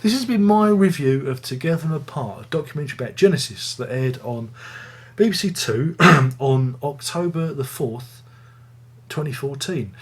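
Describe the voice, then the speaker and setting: A man's voice: medium pitch, a little mellow, husky. A man hosting a casual music review video, rambling and joking at his own expense. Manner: rambling, jokey, self-mocking.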